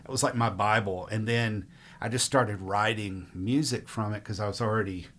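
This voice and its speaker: A middle-aged man from Mississippi, telling stories in a rambling, relaxed way as a musician guest in an interview. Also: fairly low pitch, normal speed. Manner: relaxed, rambling, frequent fillers. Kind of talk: casual interview storytelling.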